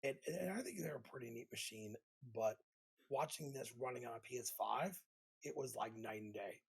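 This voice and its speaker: A man's voice: medium pitch, moderate pace, breathy edge, rough recording. A man co-hosting a gaming podcast, chatting casually and with enthusiasm. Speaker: podcast co-host. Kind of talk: casual chat.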